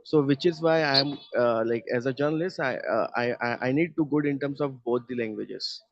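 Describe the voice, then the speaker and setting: A man's voice: medium pitch, normal speed, noisy background. Indian male student, hesitant, restarts a lot, muffled call audio. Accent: Indian English. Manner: hesitant, restarts sentences, calls teacher ma'am. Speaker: student, journalist. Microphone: video call.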